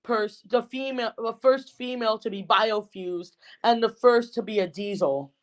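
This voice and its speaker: A woman co-hosting a casual fan podcast, excitable and rambling, full of fillers and restarts. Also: fairly high pitch, moderate pace. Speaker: podcast co-host.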